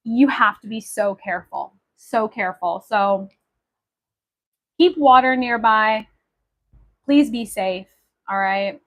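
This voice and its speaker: A woman's voice: fairly high pitch, slow, long pauses, low-quality recording. Chatty, upbeat woman livestream host. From Maui, Hawaii. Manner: chatty, enthusiastic, many fillers. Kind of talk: casual livestream chat.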